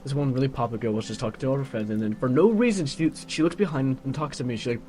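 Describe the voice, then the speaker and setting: A teenage guy rambles on in a casual, grumbling monologue, filling every pause with "like." His pitch sits mid-range for a man. Soft lo-fi music plays faintly behind him. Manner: grumbling, filler-heavy with constant "like". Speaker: vlogger.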